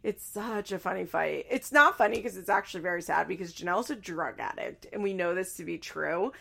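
A young woman casually recapping a reality show, chatty and animated, putting on shrill voices when she quotes people. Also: brisk, vocal fry.

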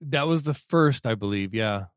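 Male co-host, mid-pitched, relaxed explainer, trails off softly, dry close mic. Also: normal speed, no room sound. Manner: explanatory, laid-back, drops low and quiet at ends. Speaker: podcast co-host. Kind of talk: casual chat.

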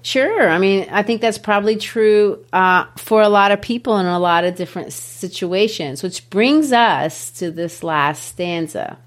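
A middle-aged woman teacher walking through a poem, playful and animated, shifting her pitch for emphasis. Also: unhurried, hardly any pauses. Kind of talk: classroom-style poetry lesson.

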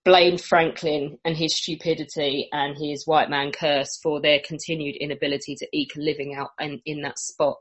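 A low-pitched woman with a husky edge to her voice. She rants bluntly and sarcastically, swearing freely as she tells a history story on a casual podcast. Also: little pitch movement, moderate pace, hardly any pauses, poor audio. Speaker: podcast co-host presenting a history topic. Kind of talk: casual comedic podcast chat.

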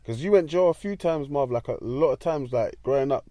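A man hosting a casual interview, quiet and encouraging, with street slang. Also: mid-range voice, a little fast. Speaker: host.

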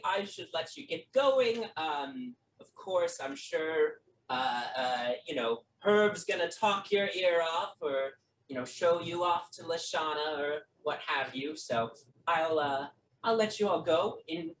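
A game master voicing a smooth, glad-handing male politician who flatters everyone and fills his talk with ums and uhs. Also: mid-range voice, measured pace, a little hiss or hum, pitched above the performer's own voice. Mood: schmoozing. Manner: effusive, flattering, full of fillers. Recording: roomy, from a distant mic.

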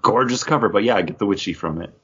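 A lower-voiced man with a husky edge and a lively, swooping delivery, chatting casually on a comics podcast. He rambles through fillers and jokes. The audio is dull and lo-fi. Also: quick pace. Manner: rambling, filler-heavy, jokey. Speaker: podcast co-host.

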